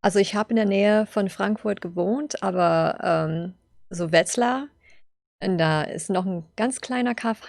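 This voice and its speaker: Young woman guest rambling through stories, bit of vocal fry, dry close mic. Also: on the low side, no echo. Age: young adult. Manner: chatty storyteller, many fillers like "like" and "you know". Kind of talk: casual interview chat.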